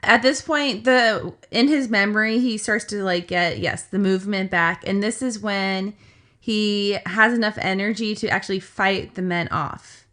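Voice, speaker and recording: Female podcast co-host, bright tone, casual rambling storyteller. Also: mid-range voice, unhurried. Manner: chatty, filler-heavy retelling with asides.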